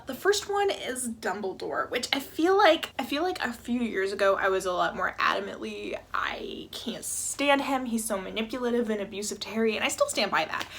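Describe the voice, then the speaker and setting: A woman chatting into a close mic about books, her pitch sitting right in the middle. She rants, restarts her sentences and slips into soft whispered asides. A faint hiss of room noise sits behind her. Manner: animated, self-interrupting, trails off into whispered asides. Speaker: book vlogger. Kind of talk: casual ranting chat.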